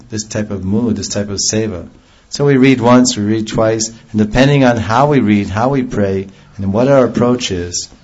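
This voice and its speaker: Husky low-voiced man preaching. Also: a little mellow, lo-fi sound. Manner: earnest, explains with homely examples. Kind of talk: devotional sermon.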